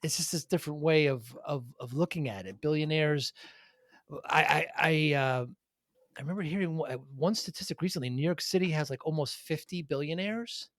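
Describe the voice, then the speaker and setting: A man's voice: a little high, fairly quick, a bit bright, dry recording, studio quality. A middle-aged man co-hosting a casual talk, telling rambling stories and laughing often. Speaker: podcast co-host, business owner. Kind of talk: casual conversation.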